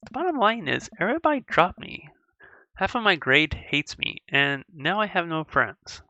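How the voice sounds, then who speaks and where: A woman's voice: on the low side, sing-song, bright, forceful tone, no echo, muffled recording, full character voice. A woman reading as a hurt, sarcastic teenage girl. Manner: dejected, self-mocking, quick sarcasm. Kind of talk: video game dialogue read aloud.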